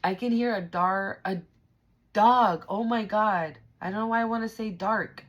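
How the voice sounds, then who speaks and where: Slow, emphatic woman tarot reader. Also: mid-range voice. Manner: emphatic, slangy and profane, talks straight to the viewer. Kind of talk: spiritual tarot reading to camera.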